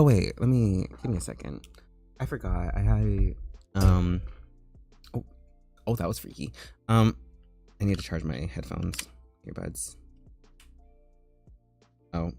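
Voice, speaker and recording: A man streaming as an artist, chatting casually as he works and breaking into high squeals of disgust and laughter. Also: a little mellow. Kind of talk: casual live-stream chat while drawing.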